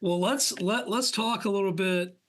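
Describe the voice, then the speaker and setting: A podcast host in a casual interview, speaking in a reassuring way with halting restarts. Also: mid-range voice.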